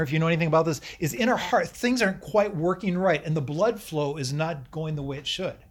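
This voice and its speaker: Man preaching with animated questions. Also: on the high side. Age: middle-aged. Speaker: pastor. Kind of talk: sermon.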